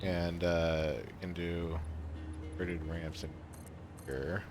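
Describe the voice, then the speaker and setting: A deep male voice offers building advice softly, pausing often with hesitations. His tone stays low-key and casual, and faint music plays behind him. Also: little pitch movement. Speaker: stream co-player. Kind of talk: casual gaming chat.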